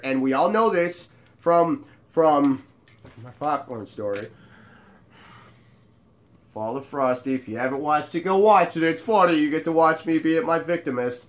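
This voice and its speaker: A man hosting his own show, telling a casual, animated story with jokes and frequent swearing. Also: fairly high pitch, normal speed. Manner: animated and joking, with frequent profanity. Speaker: show host telling bar stories.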